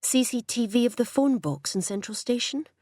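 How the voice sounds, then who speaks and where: A woman's voice: a little high, expressive, normal speed, mellow, no room sound, clean studio sound, voice pushed up. A woman voicing a brusque female police detective who gives short, commanding orders. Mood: curt. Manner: curt, commanding.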